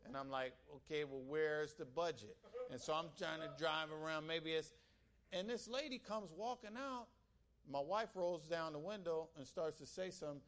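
Animated, higher-voiced preacher. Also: male voice, normal speed, slight background noise. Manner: animated storytelling, calls out to the congregation. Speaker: pastor. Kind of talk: sermon.

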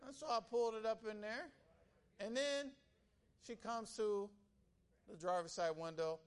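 A man's voice: high-pitched, unhurried, clear, resonant tone. A male pastor preaching a sermon, telling stories with animation and calling out to the congregation. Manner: animated storytelling, calls out to the congregation.

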